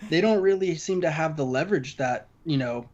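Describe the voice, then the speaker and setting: A man's voice: a little high, brisk, dull audio, background noise. A man co-hosting a casual sports podcast, easygoing and hedging, full of "you know.". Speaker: podcast co-host.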